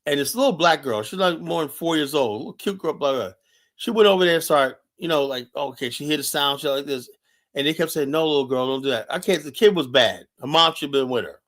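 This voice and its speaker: A man's voice: a little high, lively intonation, brisk, a bit bright. A man from the United States hosting a live stream, delivering an urgent, impassioned monologue and repeating his points with many fillers.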